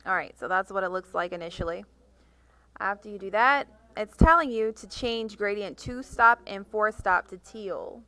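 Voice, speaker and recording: A woman teaching a software tutorial, talking through each click step by step and reading instructions aloud. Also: medium pitch, normal speed. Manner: reads instructions aloud, correcting herself. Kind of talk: screen-recorded software tutorial.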